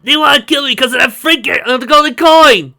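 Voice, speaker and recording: A reader puts on a frantic male half-orc who yells in a high, loud panic. The storybook voice is shrill and bright, far above the reader's own pitch. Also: brisk, gravelly, full character voice. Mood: panicked. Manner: shouting, panicked.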